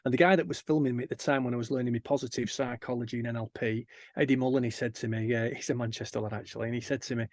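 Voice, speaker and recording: A man, an energetic guest in an interview, telling stories and acting out the people he quotes. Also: medium pitch, racing, dry recording, studio quality. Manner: energetic storyteller who acts out quoted people. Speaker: guest, kindness campaigner. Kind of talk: animated interview chat.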